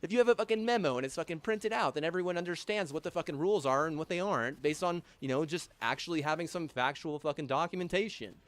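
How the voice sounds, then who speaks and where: A young man with a fairly high voice rants angrily into the camera. He swears in nearly every sentence, circles back over half-finished thoughts and piles on fillers. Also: fairly bright tone. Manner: angry, heavy swearing, halting restarts and fillers. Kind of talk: profane rambling rant.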